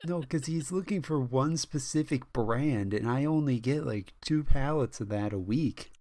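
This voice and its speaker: A man's voice: mid-range voice, moderate pace, a little mellow, dry recording. A man co-hosting a podcast in casual chat, who laughs often and tells stories with quoted lines. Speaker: podcast co-host.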